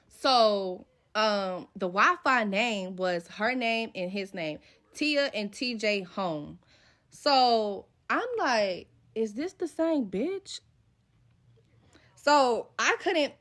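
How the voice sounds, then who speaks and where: This young woman's mid-range, slightly bright voice carries a profane, slangy retelling of something from her own life. She plays out the scenes as she goes, quoting what each person said.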